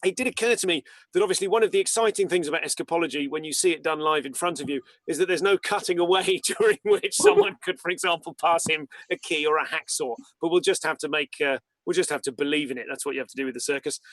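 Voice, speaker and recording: Wry host with a dry close sound. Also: male voice, fairly high pitch, lively intonation, quick pace, few pauses, fairly bright tone, no echo. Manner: wry and rambling, with asides and swearing. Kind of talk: hosting a live-streamed comedy show.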